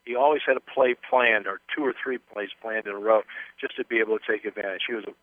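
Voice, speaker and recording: A man's voice: on the low side, quick pace, dry recording. Older man telling stories over a phone line. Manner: rambling, anecdotal, with many restarts. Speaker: guest, former pro football player. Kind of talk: casual interview storytelling.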